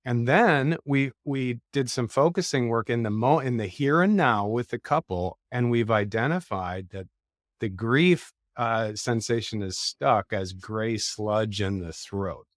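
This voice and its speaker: A man's voice: medium pitch, measured pace, no room sound, clean studio sound. A man hosting a podcast interview who lays out a clinical case step by step in a methodical way. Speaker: podcast host.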